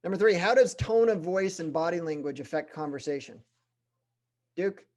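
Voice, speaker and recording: A middle-aged man leading a sales training session, talking in an animated way, speeding up, slowing down and pausing for emphasis. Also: on the high side.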